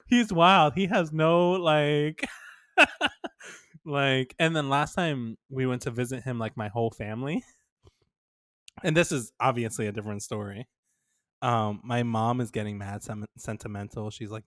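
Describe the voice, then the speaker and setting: A man co-hosts a casual podcast chat, spinning stories with frequent laughter and acted-out quotes. He speaks at a moderate pace with a medium pitch, in a dry, studio-quality recording.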